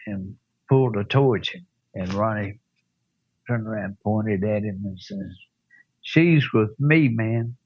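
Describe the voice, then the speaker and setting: An older man, telling a rough anecdote as an interview guest with chuckles and blunt profanity. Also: fairly low pitch, no echo, muffled recording. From American South. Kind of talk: storytelling in an interview.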